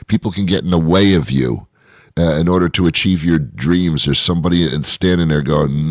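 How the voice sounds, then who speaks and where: A man hosting a radio show with a comic, rambling, self-mocking monologue, his voice hoarse and stuffy from a cold. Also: deep voice, moderate pace, no echo. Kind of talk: comedic monologue.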